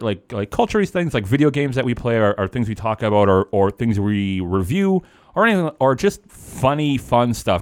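A male podcast host chats casually, rambling with plenty of fillers and laughing frequently. His voice is lowish, clear, and resonant, recorded in a clean studio with no room sound.

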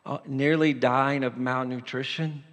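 A man preaching a sermon, moving between impassioned exhortation and quieter personal storytelling. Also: mid-range voice, steady tone, measured pace, in a large hall. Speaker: pastor.

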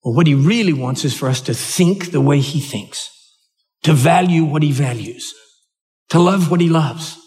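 An older American man preaches from the pulpit, telling a story in a slightly high voice. He speaks earnestly and haltingly, and he often repeats or restarts his words as he goes. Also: darkish tone. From United States. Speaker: pastor. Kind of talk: sermon storytelling.

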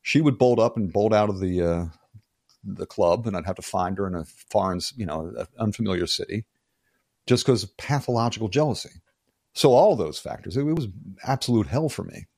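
An older man in his sixties with a low voice, trading wry stories in a relaxed interview and often laughing as he goes. The sound is dry and close, with no room echo. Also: brisk, gravelly. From Philadelphia area, United States. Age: 60s. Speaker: interview guest, author. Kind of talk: casual conversational interview.

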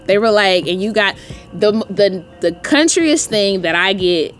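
Lively Southern woman telling stories. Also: medium pitch, measured pace, faint music behind. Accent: Southern American. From North Carolina. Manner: animated storytelling, acting out quotes. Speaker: podcast guest. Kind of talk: casual chat.

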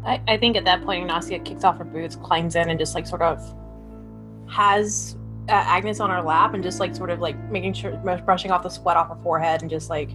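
Gentle low-voiced woman player. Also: fairly even intonation, a little fast, over music. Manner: gentle, hesitant, with restarts. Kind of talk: describing her character's actions in a tabletop game.

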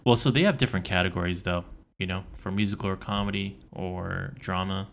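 A young man co-hosting a podcast, relaxed and quick to laugh. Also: low voice, gravelly. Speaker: podcast co-host. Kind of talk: casual chat.

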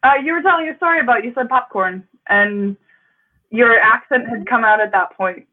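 A woman's voice: on the high side, normal speed. A woman guest in a casual podcast chat, talking loosely with fillers and laughing along. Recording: tinny phone-like line.

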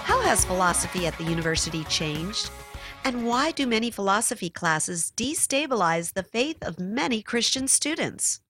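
A woman's voice: medium pitch, big pitch swings, normal speed, over music. A woman reading a polished scripted introduction for a radio show. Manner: polished, clear read. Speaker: radio announcer. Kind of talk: scripted announcement.

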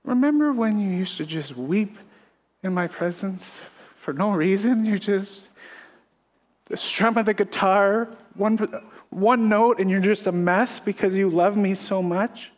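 A man voicing God as a gentle, fatherly figure who speaks softly and intimately. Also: high voice, measured pace. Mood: tender. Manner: soft, intimate, coaxing. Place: church sanctuary. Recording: echoey hall reverb.

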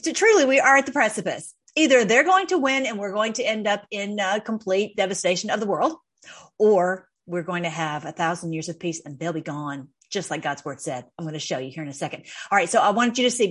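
A woman's voice: mid-range voice, fairly bright tone. A middle-aged woman hosting her own video channel, talking effusively in casual faith-based commentary and often repeating and restarting her phrases. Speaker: host of an online video channel.

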